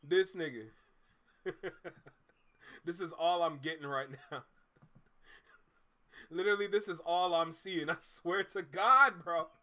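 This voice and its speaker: A man's voice: on the high side, takes it slowly, pauses often, pushed and bright. A man with a Caribbean accent hosting a live reaction video, exclaiming, laughing and slipping into patois.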